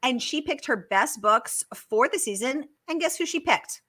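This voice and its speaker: A woman's voice: high-pitched, animated, normal speed, bright, forceful tone. A woman hosting a casual live-stream Q&A, bubbly and chatty as she reads out viewer comments. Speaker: host.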